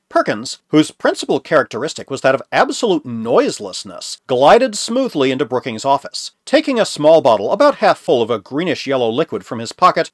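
A man narrating a novel in a steady storytelling manner. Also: medium pitch, dry recording, clean studio sound. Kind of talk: audiobook narration.

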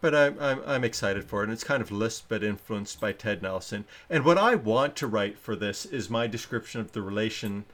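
Low-voiced man hosting a rambling chat. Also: expressive, brisk, hardly any pauses, fairly bright tone. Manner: rambling and self-interrupting, reads chat comments aloud. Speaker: show host. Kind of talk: casual live-stream chat.

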